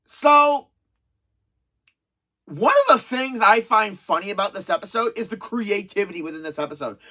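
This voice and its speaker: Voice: mid-range voice, animated, moderate pace, pushed and bright. A reviewer in their thirties talking through a countdown of favourite TV episodes in a casual, rambling way, full of self-aware sarcasm. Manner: chatty, self-described sarcastic, rambling with restarts. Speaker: video reviewer.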